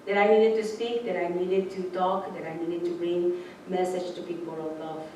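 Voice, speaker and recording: A woman's voice: lowish voice, flat delivery, normal speed, mellow, a little hiss or hum. Woman preaching informally, acts out voices w laughs, echoey room from far off. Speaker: spiritual speaker. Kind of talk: informal sermon storytelling.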